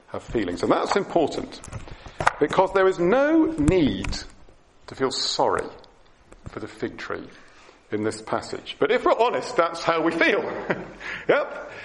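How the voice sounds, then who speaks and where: A man's voice: fairly high pitch, wildly swooping pitch, measured pace, creaky, slight background noise. A middle-aged man giving a chatty, self-deprecating sermon as a preacher in church.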